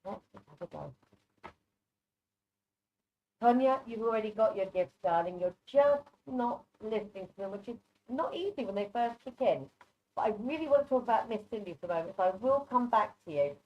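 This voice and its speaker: A woman's voice: fairly high pitch, expressive, normal speed. Chatty psychic reader, woman, affectionate, dull online call audio. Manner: affectionate, chatty, calls people darling. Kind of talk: live online readings.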